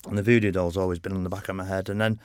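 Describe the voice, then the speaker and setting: A man's voice: low-pitched, little pitch movement, racing, darkish tone, dry recording. Middle-aged male racer guest, frank rambling storyteller who swears freely, dry close sound. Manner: rambling anecdotes, lots of "you know", frank and swearing. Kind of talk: casual podcast interview.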